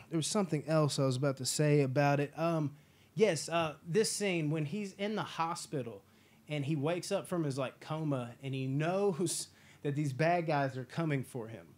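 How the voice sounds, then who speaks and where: A man hosting a casual movie review chat, enthusiastic and profane, acting out scenes in quick impressions. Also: a little high. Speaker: podcast host.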